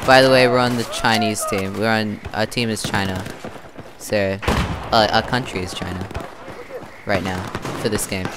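A man's voice: on the low side, steady tone, moderate pace, long pauses, very noisy. A young man from Australia chatting his way through gameplay commentary, narrating his own moves as he plays. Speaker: gaming channel host. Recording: loud game gunfire behind voice.

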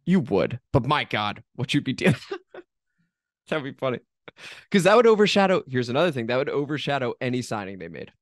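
Male podcast host, mid-pitched, dry close recording, relaxed reasoning with laughs. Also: brisk, dry recording. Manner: conversational, chuckling, uses analogies. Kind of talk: casual sports podcast chat.

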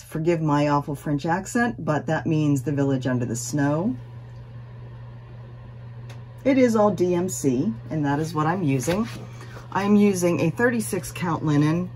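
A woman's voice: low-pitched, a little mellow, a little hiss or hum. A woman talking casually to her viewers in a rambling, chatty way, with fillers and self-deprecating asides, recorded at home. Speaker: cross stitch vlogger.

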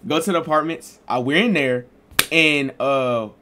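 A man's voice: a little high, measured pace, background noise. A young man casually telling a storytime vlog in loose, slangy talk with lots of fillers. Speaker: streamer and vlogger.

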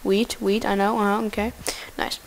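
A woman giving goofy, excitable casual gameplay commentary, talking to the animals in her game. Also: mid-range voice, normal speed, vocal fry.

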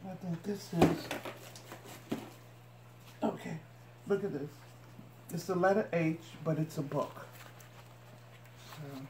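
Woman, casual unboxing chatter, unhurried delivery, echoey noisy home recording. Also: deep voice, darkish tone. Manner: chatty, talks to viewers while unpacking. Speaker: couponing vlogger. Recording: echoey room with noise.

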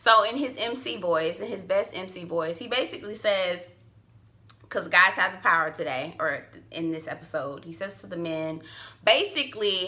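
A woman's voice: fairly low pitch, lively intonation, normal speed, sharp tone. A young woman, recapping a reality TV episode at home in a playful, slangy vlog chat with laughing asides. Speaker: TV review vlogger. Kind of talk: casual chatty TV recap.

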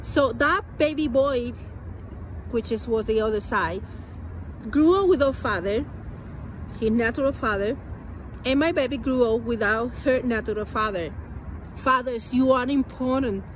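Speaking in a fairly high voice with a bit of hiss or hum behind it, a grown woman shares her own testimony. She is a native Spanish speaker from a Spanish-speaking country, and her storytelling comes out sincere, hesitant and full of feeling.

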